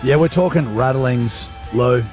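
An Australian man hosting a radio show, telling stories in animated, laughing banter from the studio. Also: medium pitch, unhurried, soft background music. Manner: animated storyteller, laughs often. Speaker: radio host.

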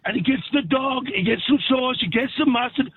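A man with an Australian accent calling in to a radio show, telling a story in an animated way over a phone line. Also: extremely high pitch, fairly quick, slightly rough, dry recording. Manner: animated storyteller, acts out quotes. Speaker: caller.

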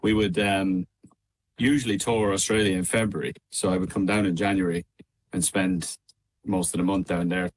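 A young Irish man with a midlands accent speaks in a fairly low voice. He sounds easygoing on a radio interview call, talking casually with plenty of ums, restarts and quick laughs. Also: steady tone. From Ireland. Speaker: guest singer. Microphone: remote call.

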